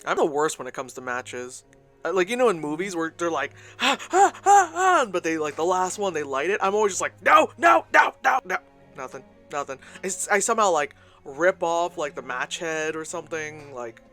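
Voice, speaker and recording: A streamer giving a live reaction to a movie, animated, laughing often, swearing and mocking voices. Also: mid-range voice, a little fast, faint music behind.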